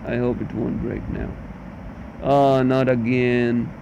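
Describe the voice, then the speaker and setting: Gravelly, swearing gamer man. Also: medium pitch, little pitch movement, slow. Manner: swears, grumbles, reads game text aloud. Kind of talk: let's play commentary. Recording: muffled with faint hum.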